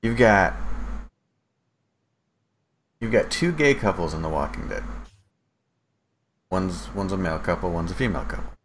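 Low-voiced man in casual chat. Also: expressive, moderate pace, pauses often, a little hiss or hum, rough recording. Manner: laid-back, blunt, swears.

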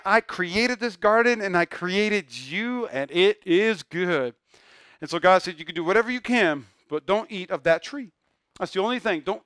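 A male pastor preaching with a high, smooth, resonant voice. He swings from loud, emphatic bursts down to soft, hushed phrases. The sound is close and dry, with no room around it. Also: no room sound. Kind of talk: sermon.

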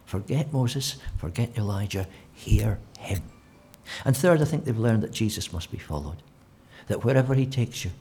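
A man preaching a sermon, telling the story with animated delivery and acting out quotes in different voices. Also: mid-range voice, gravelly.

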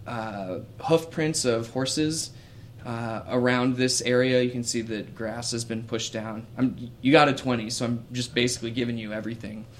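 Male game master, mid-range voice, relaxed descriptive narration. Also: mid-range voice, moderate pace, slight background noise.

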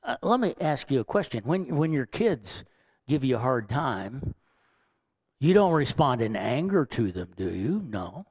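A man delivers a sermon at an unhurried pace, his voice sitting in an ordinary middle pitch. He is earnest, chuckling now and then and acting out quoted lines as he preaches. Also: very animated, a little mellow. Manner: earnest, chuckles often, acts out God's lines. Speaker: pastor.

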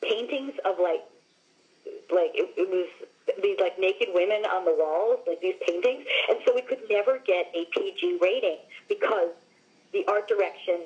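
A woman's voice: fairly low pitch, normal speed, darkish tone, dull audio. A woman actress from Long Island, telling stories animatedly in a casual interview, with frequent "like" and "you know". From Long Island, New York. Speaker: actress, guest.

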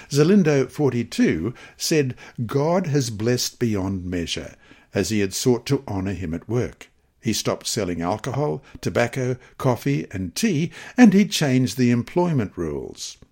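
Man reading scripture with lively expression. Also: mid-range voice. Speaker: devotional reader. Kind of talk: reading scripture and a mission story aloud.

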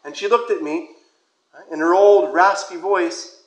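A male priest giving a sermon, telling a personal story in a conversational way, with soft whispered asides. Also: high-pitched, fairly even intonation, unhurried, reverberant, poor audio.

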